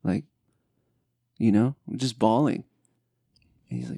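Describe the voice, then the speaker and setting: A man's voice: medium pitch, slow pace, creaky, long pauses, mellow, breathy edge, dry recording, clean studio sound. A middle-aged man hosting a podcast, telling a family story in a candid, reflective casual chat at home. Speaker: podcast host.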